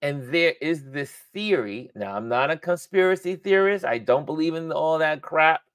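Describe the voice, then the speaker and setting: A man's voice: a little high, expressive, moderate pace, a bit bright, no echo, studio quality. A man hosting a casual livestream, rambling and thinking aloud with frequent laughter. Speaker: livestream host.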